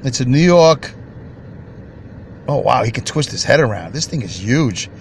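A man's voice: medium pitch, expressive, normal speed, gravelly, a little hiss or hum. An American man hosting a podcast alone in his car, rambling and joking with frequent chuckles. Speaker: podcast host. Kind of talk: solo comedic monologue podcast.

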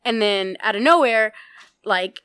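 A young woman in her twenties co-hosts a casual podcast and tells her stories openly, with plenty of animation and laughter. Her voice sits at a middle pitch. It is recorded close and dry, with no room sound. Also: a little slow, smooth, dry recording. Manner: frank, animated storytelling with laughter. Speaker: podcast co-host. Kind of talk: casual chat.

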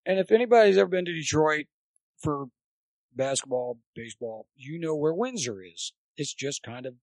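A man with a rough, gravelly edge and a slightly raised pitch rambles through animated stories from his coaching days. He talks as a chatty guest, loose and anecdotal. The sound is dry and close. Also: normal speed, no echo. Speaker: guest, former college baseball coach.

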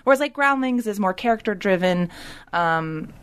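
A woman choreographer chatting as a podcast guest, animated and full of "like" and restarts, moving around as she talks. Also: mid-range voice, moderate pace, clean tone. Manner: moves around while talking. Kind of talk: casual podcast chat.

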